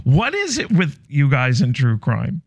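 A man's voice: on the high side, wildly swooping pitch, unhurried, dry recording. Friendly male interview host, dry sound. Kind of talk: casual interview chat.

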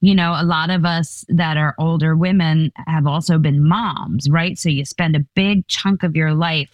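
A woman in her fifties talks as a guest in an interview. Her voice sits low and sounds close and dry. She chats and laughs her way through stories. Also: steady tone, moderate pace, no room sound. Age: 50s. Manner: chatty, laughing, storytelling with playful voices. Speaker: comedian guest. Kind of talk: casual interview chat.

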